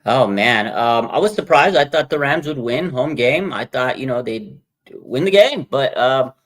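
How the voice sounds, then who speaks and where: Male guest, mid-pitched, loose, chatty football talk. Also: lively intonation, a little slow. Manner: loose, conversational with fillers. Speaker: show guest. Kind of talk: casual sports chat.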